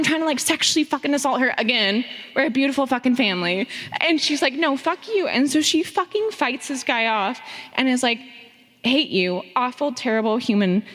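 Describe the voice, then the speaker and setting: A young woman from Phoenix tells her story on a big stage, animated and heavy on the swearing, acting out every line she quotes. Her voice sits a bit high, and it rings with a long theater reverb. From Phoenix, Arizona. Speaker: audience member sharing a story on stage.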